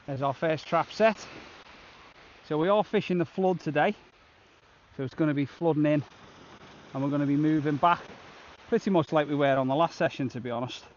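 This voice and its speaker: A man's voice: fairly high pitch, normal speed, long pauses, lo-fi sound, slight background noise. A man vlogging a shore fishing trip outdoors on a beach, chatting casually and upbeat to the camera. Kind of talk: casual outdoor vlog narration.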